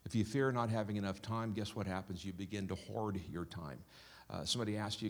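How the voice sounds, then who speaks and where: A man giving casual church announcements and a short prayer, rambling and halting with many fillers. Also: on the low side.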